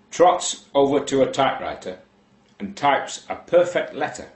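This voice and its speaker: A man slowly telling a shaggy-dog joke, unhurried and deadpan with long pauses. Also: mid-range voice, roomy sound. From England. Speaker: joke teller.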